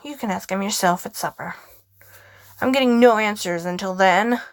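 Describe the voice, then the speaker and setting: A woman voicing a fastidious, no-nonsense male butler who speaks briskly and formally. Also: mid-range voice, no room sound, clean studio sound, lightly acted. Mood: stern.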